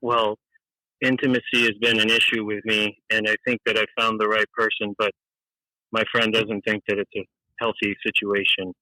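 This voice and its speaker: A man playing a shy, awkward caller who speaks in a halting, hesitant way in an improvised comedy sketch. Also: lowish voice, flat delivery, bright, forceful tone, no echo, rough recording.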